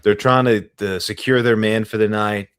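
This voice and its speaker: A man's voice: lowish voice, fairly even intonation, normal speed, clear, resonant tone. A man co-hosting a casual livestream movie chat, wry and joking, often restarting his sentences. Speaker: podcast co-host.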